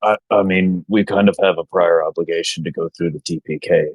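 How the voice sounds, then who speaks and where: Male player, deeper register, casual, recorded close and dry. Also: steady tone, fairly quick, husky, dry recording. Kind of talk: casual tabletop game chat.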